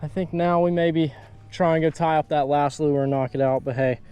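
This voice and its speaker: A young man hosting a casual fishing vlog outdoors from a lake bank, excitable and hyped up when he hooks fish. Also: a little high, moderate pace, clear, resonant tone. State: out of breath. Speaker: fishing channel host.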